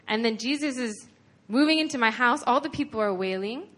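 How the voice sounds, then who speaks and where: A woman's voice: a little high, a little fast, few pauses, fairly bright tone. A woman preaching a sermon in an earnest, conversational way, retelling a scripture story with lots of casual "like"s.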